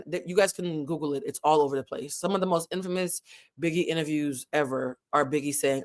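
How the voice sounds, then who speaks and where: A woman's voice: low voice, animated, fairly quick. A woman hosting a casual commentary vlog, talking animatedly and with lots of profanity, addressing her viewers directly. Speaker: host.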